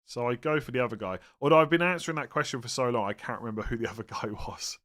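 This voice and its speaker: A man's voice: medium pitch, fast, fairly bright tone. A man hosting a casual live stream, answering viewer questions in a chatty, rambling way, sounding tired and often breaking off mid-sentence. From England. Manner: chatty, rambling, self-interrupting, tired and yawning.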